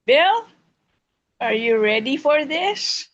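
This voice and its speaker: A woman's voice: high voice, big pitch swings, slow pace, highs cut off. A woman leading table topics at a speaking club meeting, teasing and playful with the members. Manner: teasing, acts out silly quoted voices.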